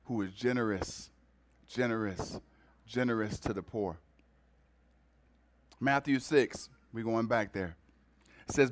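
A man preaching a sermon to his congregation, talking in a conversational way and repeating words for emphasis. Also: mid-range voice. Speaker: pastor.

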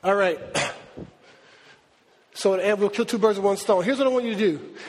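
Animated high-voiced male preacher. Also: normal speed. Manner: animated, conversational, acts out God's voice. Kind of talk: sermon teaching. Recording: long hall reverb.

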